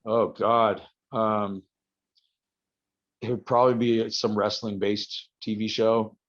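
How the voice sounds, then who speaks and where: A man, a wrestler being interviewed, telling rambling stories with halting restarts. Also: fairly low pitch, flat delivery, fairly bright tone. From United States. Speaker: guest, professional wrestler. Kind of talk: casual podcast interview. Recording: slightly dull lo-fi audio.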